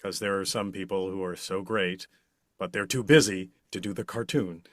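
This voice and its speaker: A middle-aged man answering interview questions in an unhurried, expressive way, leaning hard on key words. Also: low-pitched, dry recording. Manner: slow, expressive, with big swells on key words. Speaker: interview guest, voice actor.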